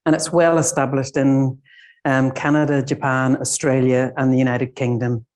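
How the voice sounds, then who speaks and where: A woman's voice: a bass voice, moderate pace. Irish woman talking through her slides to a small room, laid back, lots of ums. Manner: relaxed, informal, with many fillers. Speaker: conference presenter. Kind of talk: conference talk.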